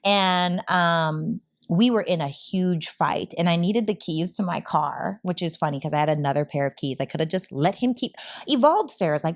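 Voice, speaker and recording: A woman in her thirties hosting a podcast, telling stories in an animated, dramatic way. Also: fairly low pitch, a little fast, few pauses. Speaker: podcast host. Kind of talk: casual chat.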